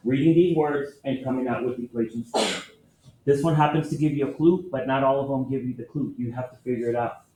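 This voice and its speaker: A man's voice: medium pitch, steady tone, fairly quick, darkish tone. A man teaching a math class, patiently explaining step by step and asking his students questions. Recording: echoey classroom with faint noise.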